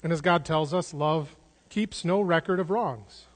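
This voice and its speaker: A man's voice: fairly high pitch, a little slow. A man preaching a sermon in an earnest way, restarting words and repeating phrases for emphasis. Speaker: pastor. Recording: long hall reverb.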